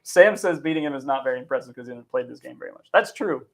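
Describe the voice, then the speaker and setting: A man's voice: medium pitch, expressive, quick pace, vocal fry. A man co-hosting a livestream, bantering playfully and laughing as he denies cheating. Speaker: livestream co-host. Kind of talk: casual chat.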